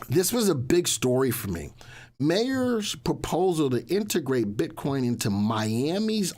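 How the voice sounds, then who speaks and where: A man hosting a live stock market show, chatty and repetitive, often restating lines as he talks through the news. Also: fairly high pitch. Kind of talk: casual livestream market commentary.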